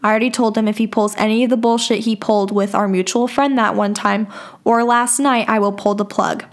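A woman's voice: on the high side, steady tone, brisk. A young woman telling a personal story on her podcast, chatty and casual, with plenty of filler words and swearing. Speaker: podcast host.

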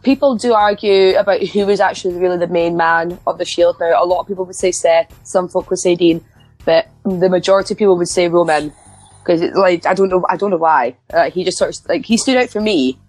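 A woman's voice: on the low side, fairly quick, a little mellow, no room sound, soft background music, low-quality recording. Chatty woman, rambling podcast talk. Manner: chatty, rambling with many restarts. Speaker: podcast co-host. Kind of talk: casual wrestling chat.

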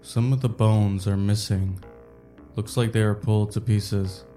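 A woman voicing a wary male warrior, speaking low and uneasy. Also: steady tone, measured pace, dark tone, faint music behind.

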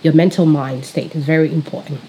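A young woman hosting a faith podcast as a pastor, chatting casually with a high-pitched, excitable, energetic voice. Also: brisk, slight background noise.

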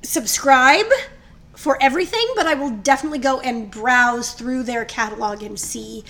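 A woman's voice: a little high, normal speed. Gushing woman with a raised voice. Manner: excitable, gushing. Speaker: podcast co-host. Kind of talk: casual chat.

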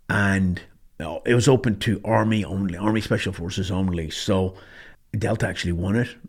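A man's voice: fairly low pitch, husky. A middle-aged man from Ireland telling stories in a blunt, matter-of-fact way, with casual swearing. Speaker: podcast host, former sniper instructor. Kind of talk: casual storytelling monologue.

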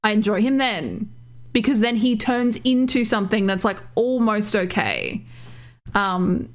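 Woman co-host, slightly high voice, casual and expressive, swears freely, acts out quotes. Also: measured pace. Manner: animated, swearing, laughing, acting out quotes. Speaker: podcast co-host. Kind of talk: casual chat.

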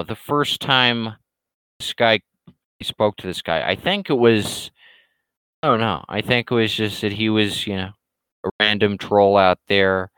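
A man's voice: fairly low pitch, sharp tone, smooth, dry recording, rough recording. A man rambling through casual livestream talk, hesitant and full of restarts as he answers viewer questions. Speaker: streamer and comic creator.

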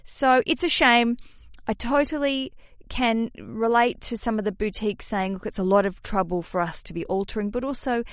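An Australian woman in her mid-thirties hosts a podcast in a loose, chatty way. She swears freely and her voice leaps into high, excited bursts. The recording is dry and close, with no room sound. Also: moderate pace, no room sound. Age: mid-30s. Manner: animated, swearing, jumps into high excited peaks. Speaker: podcast host. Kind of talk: casual podcast chat.

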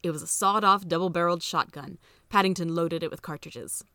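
A woman hosting and reading a children's storybook aloud in steady scripted narration. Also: lowish voice, fairly quick, no echo, studio quality. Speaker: podcast reader.

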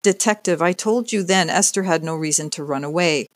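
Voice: mid-range voice, brisk, dry recording, close to an everyday voice. A narrator voicing a fierce, protective young woman who talks urgently and insistently. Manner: urgent, forceful.

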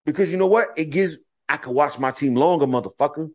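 A man's voice: on the high side, fast talker. A man co-hosting a podcast in casual chat, telling stories with lots of swearing and quoted back-and-forth. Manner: profane, animated storytelling with quoted voices. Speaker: podcast co-host.

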